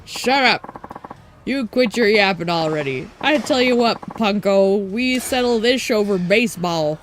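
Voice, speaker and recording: A woman's voice: mid-range voice, expressive, measured pace, slight background noise, natural voice. A woman reading aloud as a drunken, folksy former baseball ace, brash and full of old-timey slang. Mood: belligerent.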